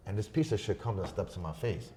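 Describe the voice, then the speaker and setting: A man on a podcast telling a story in a casual, profane way, swinging between loud bursts and hushed asides. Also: lowish voice, sing-song, fast, background noise. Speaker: podcast guest.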